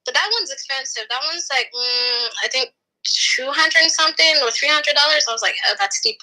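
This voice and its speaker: A woman's voice: high-pitched, normal speed, low-quality recording. An American woman calling in to a chat show, telling stories with lots of "I was like" and swearing. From United States. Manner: animated storytelling, heavy "I was like" and swearing. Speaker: caller. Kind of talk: casual call-in chat.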